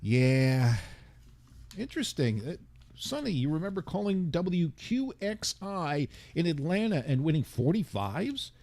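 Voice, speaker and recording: A man's voice: fairly high pitch, big pitch swings, measured pace, a little mellow, no echo. An older man hosting a radio show, chatting casually and rambling as he reads listener comments aloud. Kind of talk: casual DJ chat.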